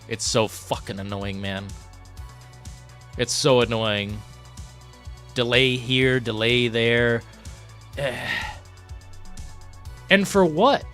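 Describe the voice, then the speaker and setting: A man hosting a live gaming stream, ranting with profanity, swinging from low muttering to loud outbursts. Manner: reads chat messages aloud. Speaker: livestream host. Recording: faint background music.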